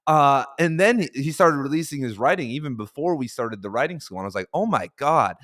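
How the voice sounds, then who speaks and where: Brief: male podcast host, mid-pitched, excitable and slangy, dry close mic. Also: quick pace, no room sound. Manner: enthusiastic, slangy, hyped. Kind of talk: casual podcast interview.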